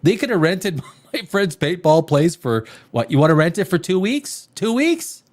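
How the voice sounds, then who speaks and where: A male host reviews a TV show on a casual live stream. He rambles in an exasperated way and throws in sarcastic asides. His voice sits somewhat high and swings widely in pitch. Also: expressive, moderate pace.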